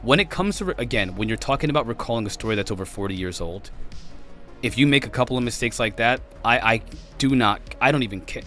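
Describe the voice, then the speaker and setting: A man's voice: medium pitch, animated, fast talker, a bit bright, soft background music. A man hosting a podcast, pushing back hard in a heated debate and often cutting in to hold the floor. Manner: interrupts, repeats "hold on" to push back. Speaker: podcast host.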